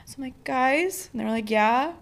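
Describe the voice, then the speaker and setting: A young woman co-hosting a podcast, telling a travel story in lively casual chat and acting out the people she quotes. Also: high-pitched, normal speed. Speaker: podcast co-host.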